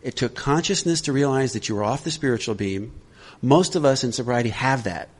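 A man leading a recovery workshop in an easygoing, conversational way. His voice sits at an ordinary middle pitch, and he keeps checking in with his listeners as he talks. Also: a little fast, slightly rough. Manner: conversational, checks in with "all right?". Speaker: workshop leader.

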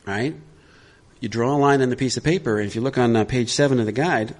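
A man's voice: medium pitch, quick pace. A man leading a recovery workshop, speaking conversationally and checking in often with his listeners. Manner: conversational, checks in with "all right?". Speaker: workshop leader.

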